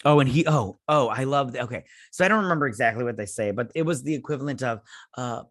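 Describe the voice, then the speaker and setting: Guy doing a snarky show recap, mid pitch, lots of uh's and laughs, mocks the characters. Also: animated, fairly quick, dry recording, clean studio sound. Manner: sarcastic, mocks characters in silly put-on quotes; laughs often, swears, trails off with fillers. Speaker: host of a TV breakdown channel. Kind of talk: casual recap and rant.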